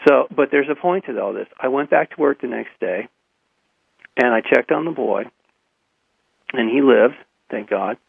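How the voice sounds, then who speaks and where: A man guest telling a personal story in a radio interview, halting and repeating his words, with frequent chuckles, over a phone line. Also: mid-range voice, lively intonation, creaky, slightly rough, no room sound.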